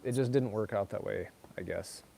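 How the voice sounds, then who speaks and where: A man's voice: on the low side, moderate pace, creaky, warm tone, slight background noise. A middle-aged man chatting casually with viewers, rambling and filling his talk with "like" and "you know.". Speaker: streamer answering chat. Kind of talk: casual chat.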